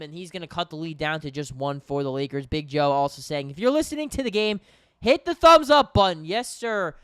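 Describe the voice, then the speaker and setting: A man's voice: a little high, a bit bright, smooth, no room sound, clean studio sound. A young man doing casual live play-by-play commentary, talking to viewers, a little tired and yawning. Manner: conversational, addresses viewers as guys. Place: home in New York.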